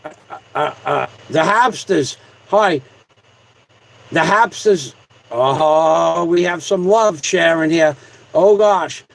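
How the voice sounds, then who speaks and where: A man with a fairly high voice hosts a casual livestream. He rambles and jokes as he reads out viewer comments, throwing in repeated shout-outs. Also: takes it slowly, vocal fry, long pauses, low-quality recording. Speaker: livestream host.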